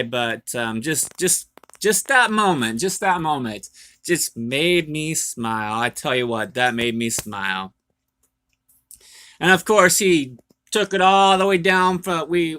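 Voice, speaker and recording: At home indoors, a truck driver tells the story of his day for a casual vlog, rambling folksily and restarting often. His voice is on the high side, bright, forceful, and smooth.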